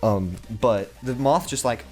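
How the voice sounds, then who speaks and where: A man's voice: medium pitch, unhurried, a little mellow, soft background music. A young man telling a crude, rambling comedic story full of swearing, restarts and asides.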